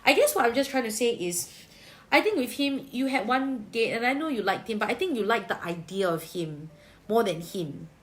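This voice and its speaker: On a livestream, a Singaporean tarot reader chats in a colloquial way, dropping Singlish particles and reassuring the viewer like a big sister offering advice. Her voice sits a little high, and she speaks expressively at a moderate pace.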